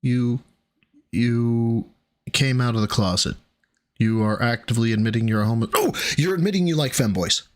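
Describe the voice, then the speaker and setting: A man's voice: mid-range voice, moderate pace. A man streaming, reacting to a clip with sarcastic, exasperated commentary and a lot of swearing.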